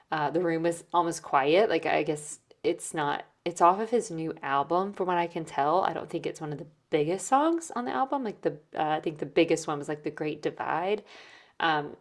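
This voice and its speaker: A woman hosting a podcast, telling a concert story in a casual, chatty way with lots of fillers. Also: low voice. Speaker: podcast host.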